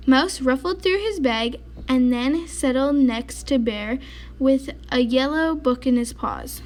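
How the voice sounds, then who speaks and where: A woman reading a children's picture book aloud in a gentle storytelling manner. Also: high-pitched, slow. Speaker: storybook reader.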